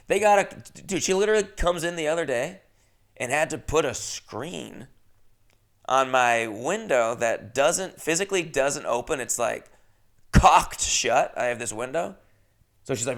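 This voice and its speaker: Young male solo podcast host, gravelly, casual rambling storyteller, animated bursts. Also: mid-range voice, normal speed. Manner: rambling, animated storytelling with sudden jumps in loudness. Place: his first-floor apartment.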